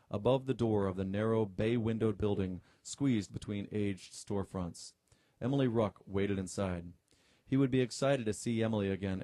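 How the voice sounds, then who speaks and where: A middle-aged man, a radio host, reading a novel aloud, with relaxed joking asides between passages. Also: lowish voice, no room sound, studio quality.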